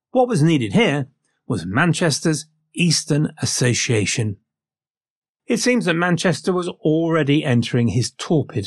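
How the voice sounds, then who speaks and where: A man's voice: mid-range voice, dry recording, clean studio sound. A man narrating history as a story, with wry, irreverent asides. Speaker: history podcast host.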